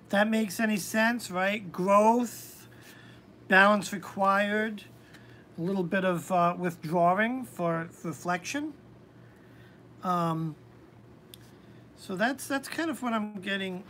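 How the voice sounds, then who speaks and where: Slow, hesitant woman reading tarot. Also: mid-range voice, a bit bright, a little hiss or hum. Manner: slow, hesitant, many ums. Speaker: tarot reader hosting a live stream. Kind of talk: live-stream tarot reading.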